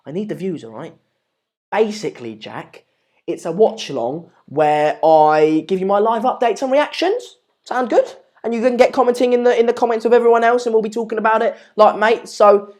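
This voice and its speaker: An English-accented man with a higher voice hosts a livestream at normal speed, chatting casually and reading viewer comments in a rambling, jokey, self-deprecating manner.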